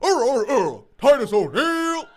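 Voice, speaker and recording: A man putting on a loud, slow impression of a male wrestler shouting catchphrases. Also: extremely high pitch, big pitch swings, voice pushed up, exaggerated voice. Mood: hyped.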